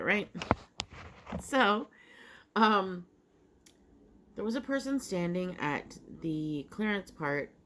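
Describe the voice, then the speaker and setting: A middle-aged woman, chatting casually over breakfast, rambling through a story with many fillers and restarts while she eats. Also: on the low side. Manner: talks while eating. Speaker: vlogger.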